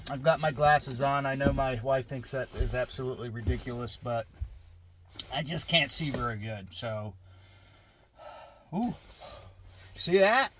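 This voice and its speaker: A man's voice: mid-range voice, a little slow, long pauses, noisy background. A middle-aged man vlogging from a parked car in his garage, musing in a rambling, casual way with restarts and asides.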